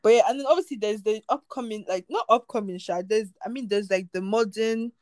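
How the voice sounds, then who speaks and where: A woman, co-hosting a casual chat, lively and quick to scold playfully. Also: medium pitch. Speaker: podcast co-host.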